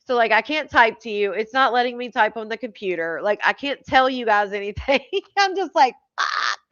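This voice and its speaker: Brief: frank, cussing woman streamer, voice a bit high, lo-fi dry mic. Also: a little fast, a bit bright, no room sound. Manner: frank, swears freely, laughs often. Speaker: live stream host. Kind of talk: casual live stream chat.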